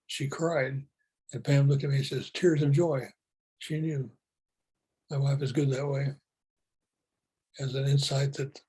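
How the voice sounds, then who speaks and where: A man telling personal spiritual stories in a calm, unhurried, matter-of-fact way. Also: medium pitch, husky, rough recording. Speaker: speaker telling spiritual experiences. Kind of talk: personal storytelling.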